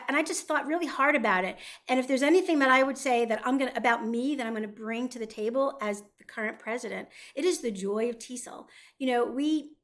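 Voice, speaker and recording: A middle-aged woman speaks as a guest on a teaching podcast, her voice sitting a little high. She tells her story in an earnest, reflective way, quoting others as she goes. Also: fairly bright tone. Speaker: guest, association president.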